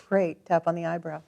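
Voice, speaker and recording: A woman coaching a client through a tapping session, calm, encouraging and gently directive. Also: fairly low pitch, creaky.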